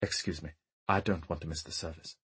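A polite, guarded gentleman who weighs every word, his voice deep and husky, as a man puts him on. He speaks formally and slowly, choosing courtesy over bluntness, like a figure in a read-aloud mystery. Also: steady tone, full character voice. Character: courteous, carefully measured male mourner.

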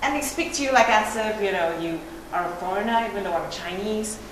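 Playing a boastful young audition candidate, an actress rambles chattily and leans on lots of fillers, speaking fairly quickly in a natural, expressive, mid-range voice. The recording comes from an echoey room with noise in the background.

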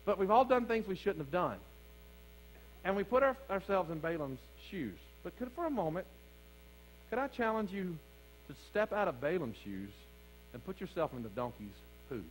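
Fervent high-voiced preacher. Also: male voice, very animated, normal speed, slight background noise, rough recording. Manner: preaching with rising fervor, calls to the congregation. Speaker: pastor. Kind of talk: sermon. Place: church sanctuary.

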